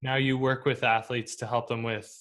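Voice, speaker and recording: A man's voice: mid-range voice, little pitch movement, moderate pace, a bit bright. A man hosting an interview podcast, asking curious, rambling questions in a casual way. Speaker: podcast host.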